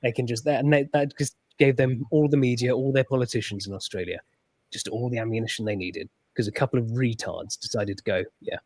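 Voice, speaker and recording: A man who joins a casual chat as a guest and speaks in a halting, hesitant way. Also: mid-range voice, steady tone, a little mellow, slight background noise.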